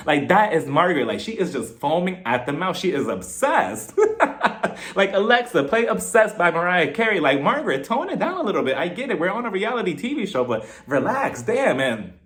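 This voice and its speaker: A man giving a casual, sassy review of a reality show, animated and laughing often. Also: high-pitched, fairly quick. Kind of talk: casual vlog commentary.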